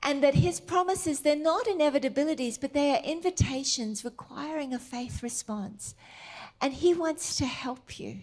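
A middle-aged woman preaching a sermon, tender and emphatic, slipping into soft whispered asides. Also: sits high, normal speed.

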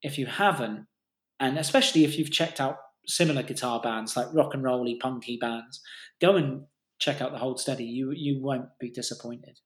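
A man's voice: medium pitch, moderate pace, echoey room. A man co-hosting a casual music podcast, talking enthusiastically and rambling with restarts and the odd swear. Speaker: podcast co-host.

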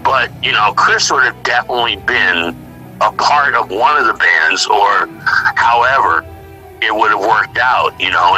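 A middle-aged male musician talking casually in an interview, animated and blunt, acting out what others said. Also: mid-range voice, low-quality recording. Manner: animated storyteller, acts out quotes, swears freely. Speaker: musician guest.

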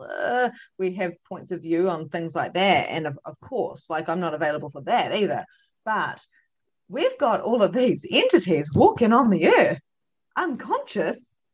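A woman, a psychic medium and podcast guest, telling a story in an animated, emphatic way with many fillers. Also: lowish voice, husky, muffled recording. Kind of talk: casual storytelling chat.

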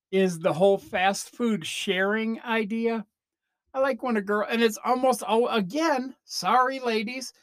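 A man's voice: very high-pitched, a bit bright, no echo. A man hosting a comedy podcast, delivering a rambling, self-interrupting rant into a close mic, breaking off mid-sentence and slipping into mock voices. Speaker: podcast host. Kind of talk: comedic monologue.

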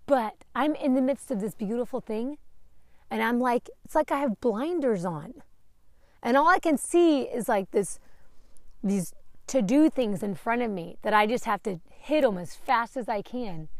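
A woman's voice: fairly high pitch, no room sound, clean studio sound. A woman in her late thirties hosting a podcast, talking openly and emotionally in a candid personal monologue, and swearing freely. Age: 30s. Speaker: podcast host.

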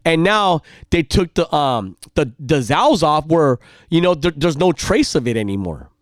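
Animated man spinning a rambling story. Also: fairly high pitch, moderate pace, no echo, clean studio sound. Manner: rambling, animated, repeats himself, heats up when recounting anger. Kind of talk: casual storytelling.

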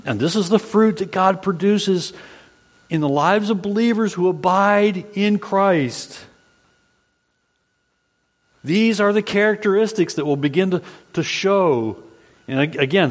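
A male pastor preaching a Sunday sermon in an earnest, repetitive preaching cadence. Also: sits high. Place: church sanctuary. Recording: long hall reverb.

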